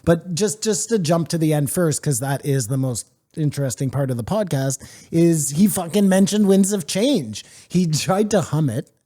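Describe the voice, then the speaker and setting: A man co-hosting a podcast in casual banter, animated, swearing freely and laughing often. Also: fairly high pitch, normal speed, few pauses. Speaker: podcast co-host. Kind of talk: casual chat.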